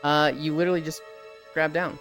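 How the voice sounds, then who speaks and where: A woman's voice: low-pitched, little pitch movement, a little fast, faint music behind. A young woman streaming live, chatting casually and acting out game characters' lines, on a headset mic.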